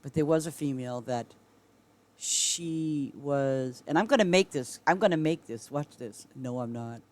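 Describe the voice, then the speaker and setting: Chatting loosely with viewers as she plays, a middle-aged woman rambles along and keeps breaking into giggles. She has a bass voice, unhurried and slightly mellow.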